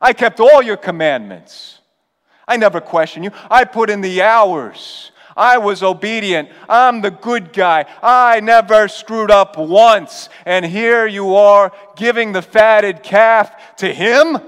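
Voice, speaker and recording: A preacher acting out a resentful, self-righteous elder brother who complains indignantly. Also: male voice, sits high, slow, fairly bright tone, clean tone, long reverb tail, pitched above the performer's own voice.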